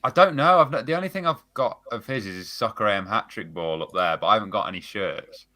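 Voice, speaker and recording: A man on a fan live-stream panel, talking casually over an online call. He rambles, hesitates and trails off as he thinks aloud. His voice is very low yet bright and sharp in tone. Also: animated, fast talker.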